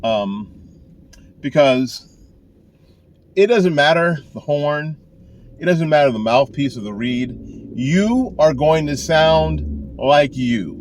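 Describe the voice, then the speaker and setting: A man's voice: on the high side, lively intonation, slow pace, long pauses, slight background noise. An older man, a saxophone teacher, giving casual, folksy advice in a rambling way with frequent restarts, recorded in a car. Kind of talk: casual talking-to-camera advice.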